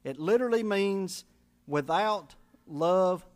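Man, pastor, high voice, folksy sermon, church sanctuary, spells words out. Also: animated, slow pace. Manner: folksy preaching with call-and-response and humor; spells out Greek words letter by letter.

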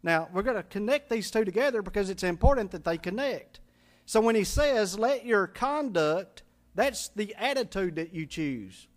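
A man's voice: sits high, expressive, normal speed. A man preaching a sermon in a church, folksy and conversational, joking with the congregation and spelling out Greek words letter by letter. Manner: folksy preaching with call-and-response and humor. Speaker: pastor.

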